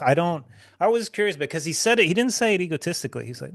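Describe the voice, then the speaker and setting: A man's voice: on the high side, lively intonation, racing, gravelly, fairly bright tone, no room sound, studio quality. A man co-hosting a casual podcast, talking loosely with swearing and laughter. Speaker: podcast co-host. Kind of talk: casual chat.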